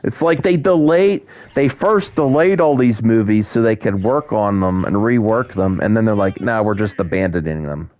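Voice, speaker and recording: A man's voice: medium pitch, normal speed, few pauses, darkish tone, dry recording. A man chatting casually on a live stream while he plays a game, rambling with many restarts and talking to his viewers, on a headset mic.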